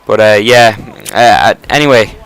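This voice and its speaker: A man's voice: lowish voice, moderate pace, a bit bright, smooth, poor audio. A man giving casual gameplay commentary, rambling enthusiastically with frequent restarts and casual swearing.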